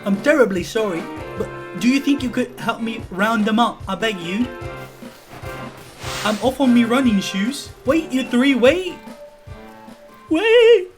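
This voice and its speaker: A man voicing a fussy, excitable male professor with a put-on British accent. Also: very high-pitched, unhurried, music in the background, pitched above the performer's own voice. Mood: pleading. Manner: theatrical, flustered.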